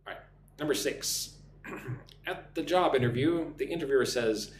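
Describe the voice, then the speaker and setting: A man's voice: medium pitch, unhurried, reverberant, a little hiss or hum. A man teaching English on a live stream, reading chat comments aloud and modeling sample interview answers.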